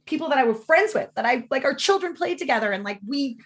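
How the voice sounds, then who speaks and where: A woman in her thirties, a podcast guest, recounting her experience in an animated, fast-flowing way, often quoting others and saying "like". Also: high voice. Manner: animated, fast-flowing, quotes people in lively voices, many "like"s. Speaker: guest, former direct-sales team leader. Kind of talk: conversational podcast storytelling.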